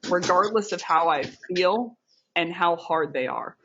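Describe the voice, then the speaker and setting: A woman with a slightly low voice co-hosts a podcast, speaking in an earnest, reflective way. She often restarts her sentences, and the sound is a bit muffled. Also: lively intonation, a little slow, sharp tone, slight background noise. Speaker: podcast co-host. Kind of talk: casual podcast monologue.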